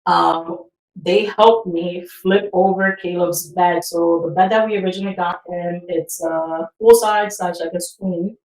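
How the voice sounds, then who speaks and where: A woman's voice: on the low side, steady tone, measured pace, a little mellow, roomy sound, distant mic, low-quality recording. A woman in her thirties co-hosting a podcast, talking casually and swearing easily. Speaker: podcast co-host. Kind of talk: casual chat.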